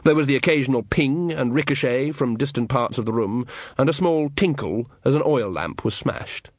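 Wry, measured male storyteller. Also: medium pitch, no echo. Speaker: audiobook narrator. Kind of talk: scripted narration.

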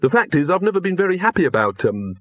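A man's voice: sits high, very animated, quick pace, no room sound, muffled recording, pitched above the performer's own voice. A man voicing a flustered, earnest young man who speaks hesitantly and nervously.

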